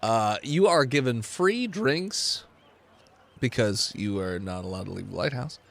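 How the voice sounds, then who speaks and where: A man's voice: medium pitch, expressive, a little slow, vocal fry, a bit bright. A man running a tabletop game as game master, narrating casually and laughing along with his players.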